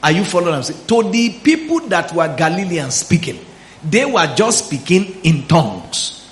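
A man's voice: fairly high pitch, big pitch swings, moderate pace, reverberant. A man preaching a Bible teaching sermon, often questioning the congregation and drawing out words for emphasis. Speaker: pastor.

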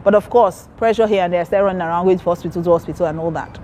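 A woman giving a sermon testimony, telling her story with animated, acted-out quoted voices. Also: fairly low pitch, rapid-fire, a little hiss or hum.

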